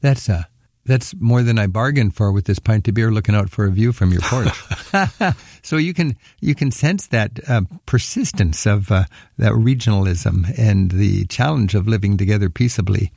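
A man's voice: on the low side, normal speed, gravelly, darkish tone, dry recording, clean studio sound. A man hosting a radio travel interview, chatty and enthusiastic, with frequent fillers. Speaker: radio travel show host.

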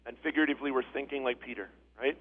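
A man's voice: medium pitch, fairly even intonation, racing, husky, narrow, tinny audio. A man preaching a sermon as pastor, earnest and repeating phrases for emphasis.

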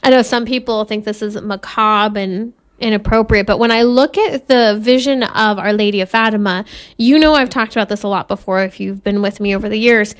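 A Catholic speaker and mother gives an earnest, measured spiritual talk, now and then laughing softly. Her voice is mid-range and clean.

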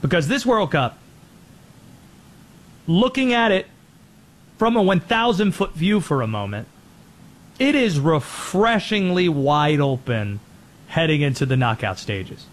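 A man with a high voice, hosting a sports talk show. He talks with lively energy, and his pitch swings widely from line to line. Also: a little slow, pauses often. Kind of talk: sports commentary.

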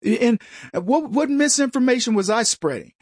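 A man's voice: extremely high pitch, lively intonation, normal speed, dry recording, clean studio sound. A man hosting a commentary show, delivering a combative, mocking opinion monologue and mimicking his opponents.

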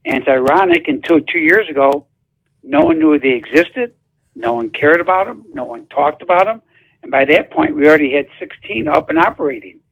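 A man's voice: on the high side, expressive, fairly quick, slightly rough, muffled recording. A man, a town mayor calling in to a radio show, answering bluntly and emphatically. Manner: blunt, emphatic, dismissive of controversy. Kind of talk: radio phone interview.

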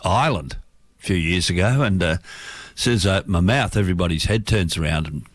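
A man's voice: deep voice, fast talker, no echo, studio quality. A middle-aged Australian man with an Australian accent, hosting a radio show and telling rambling anecdotes between songs with plenty of ums and uhs. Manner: rambling anecdotes with many fillers. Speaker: radio host.

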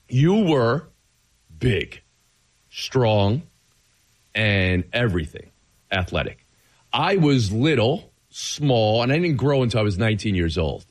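A man guest-hosts a sports talk radio show, his voice cracking. He gushes excitedly and laughs easily, and his pitch swings widely as he talks. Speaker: fill-in radio host.

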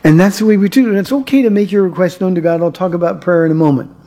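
A man's voice: sits high, racing, warm tone. A man preaching a sermon as pastor, earnest, often repeating words as he goes and telling stories from his own life. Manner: earnest preaching with frequent word repeats and told anecdotes.

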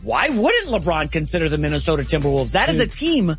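A man co-hosting a sports talk show, chatty and animated. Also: fairly high pitch, a little fast, lo-fi sound, faint music behind.

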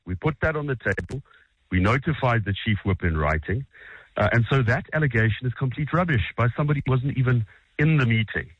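A man's voice: medium pitch, expressive, fairly quick, husky, dry recording, highs cut off. A South African man speaking in a blunt, combative way, correcting his opponent in a broadcast political debate. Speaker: opposition politician.

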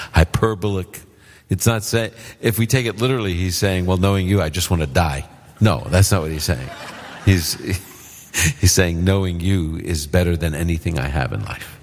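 A man's voice: low voice, normal speed, in a large hall, a little hiss or hum. A man answering live Bible questions on a radio show, plain-spoken and explaining simply. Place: live event with audience.

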